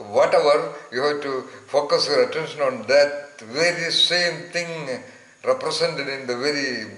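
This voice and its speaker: A man giving an informal spiritual talk to listeners, emphatic and rambling, often pausing to search aloud for words. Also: medium pitch, a bit bright, echoey room, poor audio.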